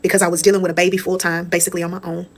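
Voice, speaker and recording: A woman's voice: on the low side, little pitch movement, very fast. A young woman telling a personal story to her viewers in a candid, casual, profane way. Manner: candid, profane, conversational, addresses viewers as y'all.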